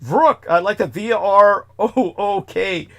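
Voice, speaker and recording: A man's voice: sits high, steady tone, a little slow, gravelly, sharp tone. A man hosting a casual chat, hesitant and stammering, often restarting his sentences. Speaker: host.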